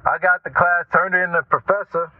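A man telling casual stories as a radio talk host, animated and chatty, often checking in with the listener. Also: high voice, quick pace. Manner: animated, chatty, keeps asking "right?". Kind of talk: casual storytelling monologue. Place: lives in Norfolk, Virginia. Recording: tinny phone-like line, dry.

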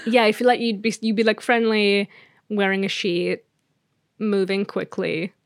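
A woman's voice: medium pitch, level tone, no room sound, studio quality. A woman co-hosting a casual podcast, playfully teasing as she tells a spooky story. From England. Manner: playful, teasing, dramatic pauses. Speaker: podcast co-host.

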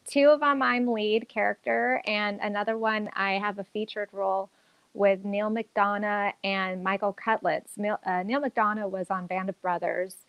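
A woman's voice: mid-range voice, fairly even intonation, normal speed, dry recording, lo-fi sound. Enthusiastic woman, dry close sound. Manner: upbeat, enthusiastic, rambling with fillers. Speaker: actress and acting teacher. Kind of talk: casual interview chat.

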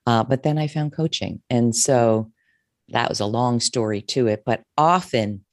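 Middle-aged woman guest, therapist type, heartfelt and expressive storyteller, dry close mic. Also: rumbling low, a little slow, no echo. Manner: emotional, expressive, restarts often. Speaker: therapist and coach, author. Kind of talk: candid interview storytelling.

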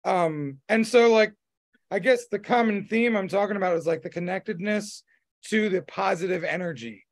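A high-voiced podcast host chats casually at a moderate pace, rambling with lots of fillers and restarts.

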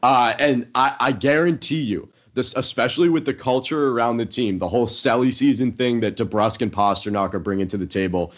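A man's voice: mid-range voice, brisk, few pauses. A young man co-hosting a sports podcast, rambling confidently about his team with casual fillers. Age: young adult. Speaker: podcast co-host. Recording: dull lo-fi podcast audio.

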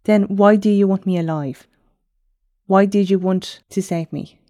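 A distrustful young man from a fantasy novel snaps one demanding question after another, as a woman reads him aloud. The voice sits low and mellow, and the sound is close and dry, with no room around it. He never lets his guard down. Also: flat delivery, normal speed, no room sound, natural voice. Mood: angry, distrustful. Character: wary, distrustful young man, hot-tempered.

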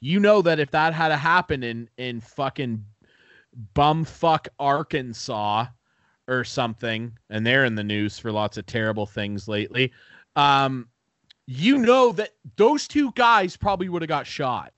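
A man's voice: mid-range voice, measured pace, no room sound. A man hosting a podcast, telling a story in casual chat, acting out the people in it and swearing freely. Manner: animated storytelling, acting out quoted people, profane. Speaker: podcast host.

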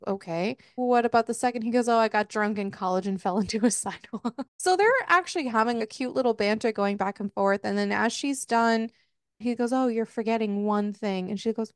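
A woman co-hosting a casual podcast, her voice sitting a little high and recorded dry and close. She retells scenes with energy, slipping into the characters' lines as she goes. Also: brisk, dry recording. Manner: animated retelling, acting out dialogue. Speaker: podcast co-host. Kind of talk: casual book discussion.

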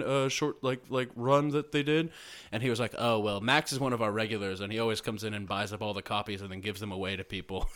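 A man hosting a podcast, telling a long anecdote in an excitable, rambling way. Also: medium pitch. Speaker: podcast host. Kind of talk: casual chat.

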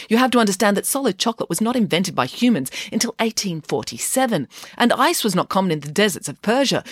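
A storyteller reads a comic tale aloud with playful asides. The voice rises and falls in an animated way. It is recorded close and dry, with no room sound. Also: medium pitch, dry recording. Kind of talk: storybook narration.

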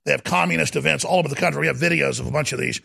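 Male talk host, bright and forceful, high-pitched fiery rant with lots of shouting and stammering. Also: racing, gravelly. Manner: swings between yelling and low muttering. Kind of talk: ranting talk radio monologue.

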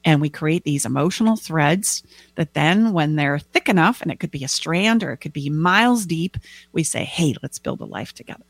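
A lively woman teaching about relationships, her pitch swinging wide as she acts out little conversations. Her voice sits fairly low, and the sound is dry and close with no room echo. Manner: animated, acts out quoted dialogue with big pitch jumps. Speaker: relationship coach. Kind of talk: teaching talk with acted examples.

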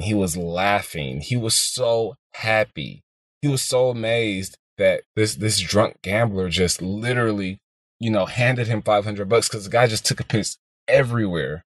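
A man in his twenties from Houston, Texas, hosting a podcast and telling a story in an energetic, motivational monologue aimed straight at listeners. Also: lowish voice, no room sound, clean studio sound. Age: 20s. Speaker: podcast host, real estate investor.

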